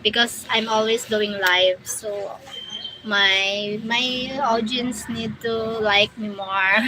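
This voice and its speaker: A Filipino woman hosting a casual livestream, reading viewer comments aloud and answering in halting English mixed with Tagalog. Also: mid-range voice, fairly even intonation, noisy background. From Philippines. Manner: switches between English and Tagalog, halting English with restarts. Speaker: livestream host.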